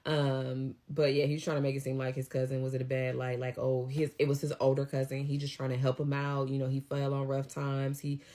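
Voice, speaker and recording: Brief: young woman, deep voice, chatty storyteller who acts out quotes. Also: completely flat delivery, fairly quick, hardly any pauses, warm tone. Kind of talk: casual storytime chat.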